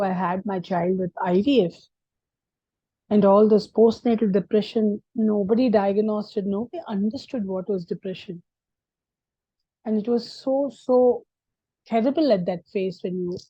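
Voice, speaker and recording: A middle-aged woman with an Indian English accent telling her life story as a guest, animated and acting out the people she quotes. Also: mid-range voice, husky, no room sound, dull audio. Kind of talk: personal storytelling.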